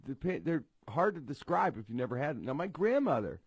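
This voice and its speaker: A man's voice: fairly high pitch, big pitch swings, brisk, breathy edge, no room sound. A middle-aged man hosting a casual comedy talk show from a home studio, rambling and joking at his own expense with many restarts. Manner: rambling, self-deprecating jokes with frequent restarts. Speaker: radio comedy show host.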